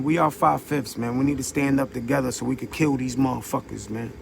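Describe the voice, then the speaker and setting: A man's voice: mid-range voice, vocal fry, background noise. A young man giving an unscripted, preachy monologue, profane and repeating words for emphasis. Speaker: vlogger.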